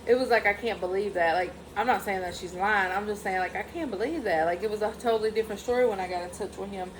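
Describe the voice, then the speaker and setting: A woman's voice: medium pitch, fast talker, a little hiss or hum, rough recording. Candid woman telling a story. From Mississippi. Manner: heartfelt and candid, peppered with "like". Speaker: vlogger. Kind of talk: casual storytime to camera.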